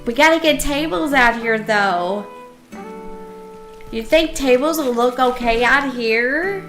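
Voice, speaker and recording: A woman's voice: high voice, takes it slowly, fairly bright tone, faint music behind. A woman live-streaming a cozy game, chatting casually and asking her viewers for their opinions, giddy and proud.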